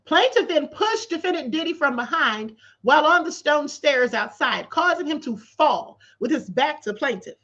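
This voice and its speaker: A woman's voice: sits high, animated, normal speed, hardly any pauses, bright, forceful tone, lo-fi sound. A woman hosting a livestream, reading a court filing aloud and picking it apart with sarcastic, disbelieving commentary. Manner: incredulous and sarcastic, laughing in disbelief. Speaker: livestream host. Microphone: livestream setup.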